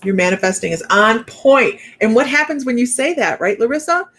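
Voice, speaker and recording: A woman's voice: on the high side, animated, brisk, fairly bright tone. A chatty middle-aged woman hosts a casual livestream and answers viewers as she goes. She sounds upbeat and laughs easily between remarks. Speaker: psychic medium livestream host. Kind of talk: casual livestream chat reading viewer comments.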